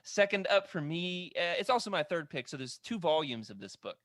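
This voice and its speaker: A man's voice: on the high side, big pitch swings, brisk, fairly bright tone, dry recording. Rambling man with a dry close sound. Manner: rambling, self-correcting, stumbles over names. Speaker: podcast co-host. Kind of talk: casual chat about comic art books.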